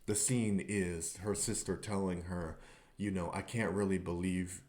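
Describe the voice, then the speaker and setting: Man, low voice, unhurried, rambling podcast review, lots of fillers. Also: steady tone, darkish tone. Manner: rambling, many fillers and restarts. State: tearful at times. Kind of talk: casual spoken review.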